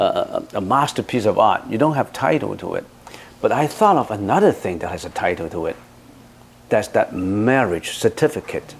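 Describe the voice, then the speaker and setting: A Buddhist monk delivers a dharma talk in a medium-pitched voice, blunt and emphatic, repeatedly putting rhetorical questions to his listener. There's slight background noise.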